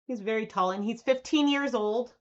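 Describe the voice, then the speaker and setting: A woman's voice: on the high side, moderate pace, lo-fi sound. A woman, chatting casually on a live stream while she spins yarn, giggling now and then. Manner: chatty, giggly, cooing baby talk to her dog. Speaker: fiber arts channel host.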